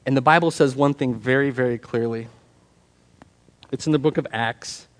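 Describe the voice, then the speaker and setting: A man's voice: mid-range voice, normal speed. Man preaching an emphatic, casual sermon. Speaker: pastor. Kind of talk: sermon with scripture reading and prayer. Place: church sanctuary. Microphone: handheld or stand microphone.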